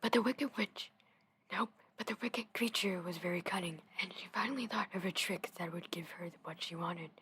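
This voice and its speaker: A young woman reading a storybook in a soft whisper into a close mic, with casual chatty asides. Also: on the low side, normal speed, breathy edge. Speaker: gaming video host reading aloud.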